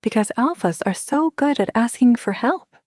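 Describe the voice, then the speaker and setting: A woman doing a sharp-tongued, guarded young woman. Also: on the high side, expressive, normal speed, no room sound, studio quality, voice pushed up. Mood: wary, sarcastic.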